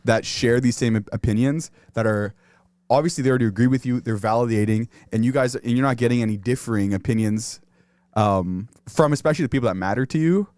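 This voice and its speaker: A young man muses earnestly in casual podcast chat, his thoughts wandering through plenty of fillers. His voice sits at a middle pitch, recorded dry and close. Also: quick pace, darkish tone, no echo. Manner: earnest, musing, heavy on fillers. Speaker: podcast co-host.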